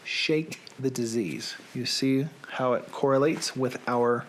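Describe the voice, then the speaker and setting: A man's voice: medium pitch, takes it slowly, slight background noise. A man who hosts a radio show, talking in a casual, rambling monologue full of digressions.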